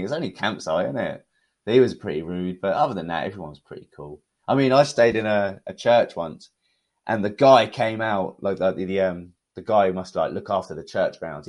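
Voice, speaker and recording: Low-voiced British man telling stories. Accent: British English. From United Kingdom. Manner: relaxed, chatty, many fillers. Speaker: guest. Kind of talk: casual conversational storytelling.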